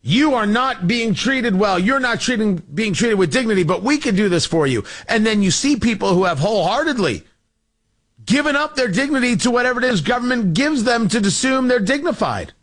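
A man's voice: high voice, expressive, fairly quick, fairly bright tone. A man hosting a call-in talk radio show, delivering a fiery, sarcastic political monologue.

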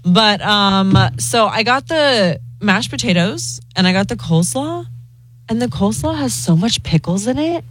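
A woman's voice: medium pitch, animated, normal speed. A woman co-hosting a casual chat show, bubbly and chatty, telling funny stories about her day. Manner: bubbly, chatty, giggly storyteller. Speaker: show co-host.

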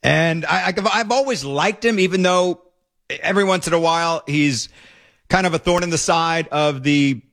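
Man, commentary host, casual, emphatic, excited, slightly high voice. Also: normal speed. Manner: emphatic, excited, fond remarks.

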